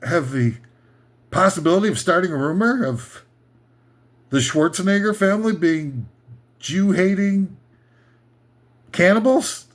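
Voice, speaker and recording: Comedy ranter, male, slow drawl, fairly high voice, sarcastic and crude. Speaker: comedy commentator. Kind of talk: irreverent comedic rant.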